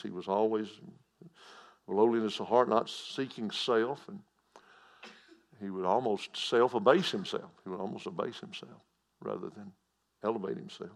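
A man preaches a sermon in a plain, folksy way, repeating his key phrases. His voice is low and gravelly. He drops to near-whispers and then climbs to loud, emphatic declarations. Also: normal speed. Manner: folksy preaching with repetition and swings from hushed to loud.

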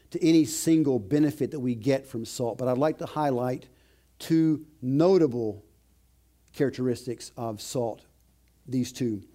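A male pastor delivers a sermon in a mellow, darker voice. He preaches emphatically, leaning hard on key phrases by slowing down and lifting his pitch. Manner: emphatic, slows and rises to stress key phrases.

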